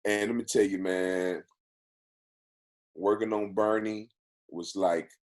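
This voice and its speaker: A man from Texas with a lowish voice tells stories on a podcast. He is animated and quick to laugh. He hammers his point home by repeating phrases. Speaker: podcast guest, actor and former football player. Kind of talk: casual storytelling.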